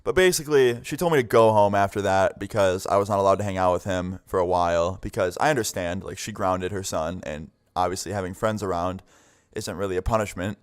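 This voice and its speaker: Deep, smooth and brisk, a young man's voice carries a casual story time for his viewers. The telling rambles, "like" pops up everywhere, and he acts out what each person said.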